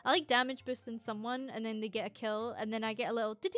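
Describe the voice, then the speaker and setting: A Scottish woman streamer chatting casually and reading viewer comments, excitable and teasing, swearing freely. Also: on the high side, fast talker, faint music behind.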